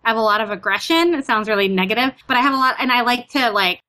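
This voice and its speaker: A woman's voice: on the high side, quick pace. A Canadian woman chatting casually, full of "like" and "you know", acting out her own stories. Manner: chatty, lots of "like" and "you know", animated retellings. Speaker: guest. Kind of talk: casual chat.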